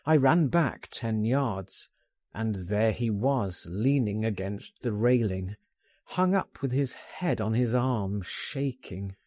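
A man reading a first-person story aloud in an unhurried, expressive manner. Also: on the low side, no room sound. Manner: unhurried, expressive, lively intonation. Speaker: audiobook narrator.

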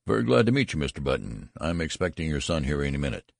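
A man's voice: very deep voice, big pitch swings, fast talker, gravelly, no room sound, studio quality, full character voice. A man voicing a stern, exasperated male college registrar who talks in a brusque, scornful way. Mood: polite.

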